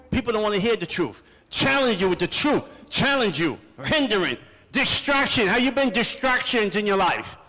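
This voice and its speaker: Older man, preacher, high voice, punchy rhetorical questions, echoing hall. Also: sharp tone. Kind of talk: preaching at a seminar.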